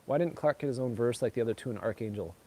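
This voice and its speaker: Chatting casually with viewers, a middle-aged streamer answers chat at a very fast clip. His medium-pitched voice has a warm tone, and he rambles, filling his talk with "like" and "you know."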